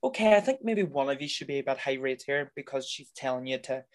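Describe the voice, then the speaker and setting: A man's voice: mid-range voice, lively intonation, fast talker. A man in casual conversation, bluntly and profanely ranting as he reviews a film. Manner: blunt, sweary, exasperated ranting.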